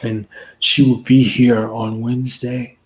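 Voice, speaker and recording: A man hosting a relaxed late-night livestream, talking casually and joking with a co-host. His voice sits at an everyday middle pitch, and his manner is loose and playful. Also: measured pace, low-quality recording. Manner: playful, joking, laid-back.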